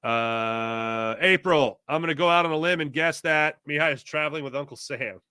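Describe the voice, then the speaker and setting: A man's voice: fairly high pitch, normal speed, smooth, no room sound, studio quality. A man hosting a casual sports talk show, reading viewer chat and telling stories in a chatty way with frequent laughs. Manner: animated, chatty, laughs often, storytelling.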